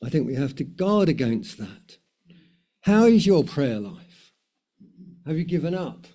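A man's voice: a little high, very animated, unhurried, dark tone. A man preaching a sermon in a conversational way, with many fillers and repetitions.

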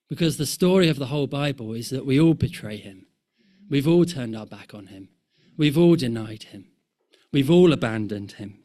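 A man preaching a sermon, rhythmic and impassioned, rising in force and falling to a hush. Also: medium pitch. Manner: slow, rhythmic, swelling and dropping to near-hush.

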